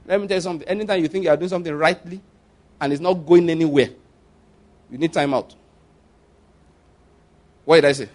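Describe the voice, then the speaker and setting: A man with a fairly high voice delivers a conversational sermon. He repeats phrases for emphasis and moves between hushed, intimate stretches and louder, pressing ones. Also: fairly quick, pauses often. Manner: repeats phrases for emphasis, swings from soft to loud. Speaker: preacher.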